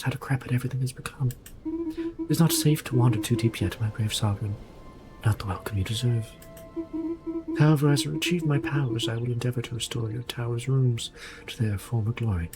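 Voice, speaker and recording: Ancient flirtatious tower spirit, read by a man, slow and grand, music underneath. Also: mid-range voice, lightly acted. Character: ancient female stone guardian spirit, flirtatious.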